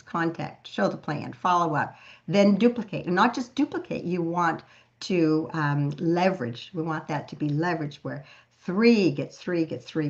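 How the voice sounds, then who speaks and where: Earnest woman team leader with a low voice giving a motivational talk, muffled lo-fi recording. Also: a little mellow. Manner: earnest, storytelling, repeats words for emphasis.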